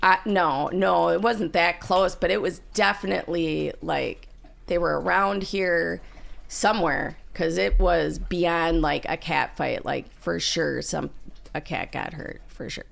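A woman's voice: on the low side, measured pace, vocal fry. A woman co-hosting a casual podcast, telling a story animatedly and acting out her own panicked lines. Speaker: podcast co-host.

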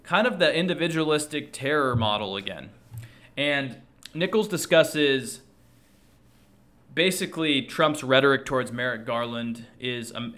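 A man delivering an earnest political commentary monologue to his viewers, measured and thoughtful, with frequent fillers. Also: mid-range voice, sharp tone.

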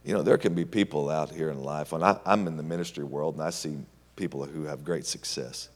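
Deep-voiced male preacher in a reverberant hall. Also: a little fast. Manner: animated storytelling, swings between loud and hushed. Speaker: pastor. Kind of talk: sermon.

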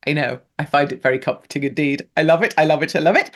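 Speaking fast in a low voice, a middle-aged woman from England runs a live radio talk show. She's breezy and effusive, reading out messages from listeners' chat with playful comments.

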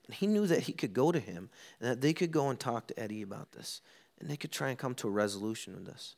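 A middle-aged man preaching a sermon, telling stories and acting out quoted lines with lively ups and downs. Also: mid-range voice, fast, gravelly. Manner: animated storytelling, acts out quotes. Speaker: pastor.

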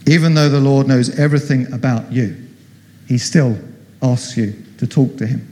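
A man's voice: mid-range voice, moderate pace, a little mellow, in a large hall. A middle-aged man preaching a sermon, telling the story with animation and acting out the voices he quotes.

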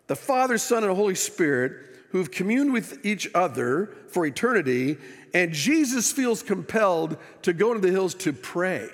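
A male pastor preaching a sermon with animated delivery, his voice rising and falling, with wry asides to the congregation. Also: sits high, big-room sound. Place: church sanctuary.

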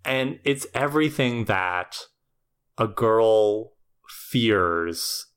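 Man, somewhat low voice, casual podcast co-host, thoughtful analysis, hedging fillers. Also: lively intonation, drawn-out words, a bit bright, smooth. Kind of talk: casual chat.

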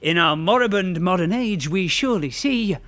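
A man's voice: high voice, animated, normal speed, sharp tone. An actor playing a pompous man who poses as Edgar Allan Poe with a put-on Southern American drawl and grand theatrical delivery, in a comedic audio drama. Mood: ominous.

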